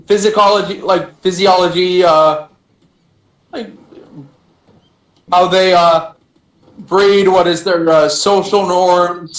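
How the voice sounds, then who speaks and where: Brief: slow-talking man with a high voice, rambling tabletop player. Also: echoey room, low-quality recording. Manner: rambling, full of fillers and restarts. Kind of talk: casual tabletop game chat.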